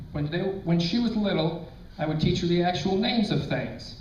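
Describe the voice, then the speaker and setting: A middle-aged man doing a stand-up comedy set, telling crude stories deadpan and hitting punchlines loudly. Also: sits high, normal speed. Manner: crude, deadpan storytelling with sudden loud punchlines. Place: comedy club stage. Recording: roomy, distant, dull club recording with faint noise. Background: audience laughter.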